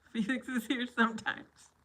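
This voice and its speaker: A woman's voice: a little high, steady tone, measured pace, fairly bright tone. A middle-aged woman hosting a casual livestream chat with her viewers, silly and giggly. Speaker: livestream host.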